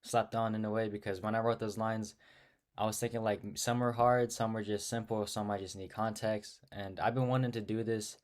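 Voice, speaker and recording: A man's voice: on the low side, flat delivery, normal speed. A young man casually talking to camera about his own rap lyrics, hesitant and rambling with many fillers and restarts, a bit awkward. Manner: self-conscious and awkward on camera. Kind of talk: casual self-recorded talk to camera.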